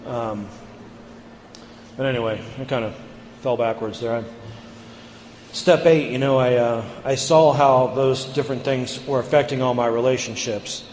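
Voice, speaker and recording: Guy telling his recovery story, earnest and halting, big echoey hall with long reverb. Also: mid-range voice, fairly even intonation, darkish tone, a little hiss or hum. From United States. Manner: earnest, halting, repeats words. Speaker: recovery meeting speaker. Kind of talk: personal recovery share.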